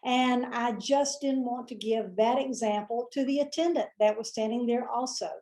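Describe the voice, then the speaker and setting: A woman with a Southern accent spins a folksy anecdote with lively emphasis. Her voice sits a bit high for a woman. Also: moderate pace. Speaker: motivational storyteller. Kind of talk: folksy storytelling monologue.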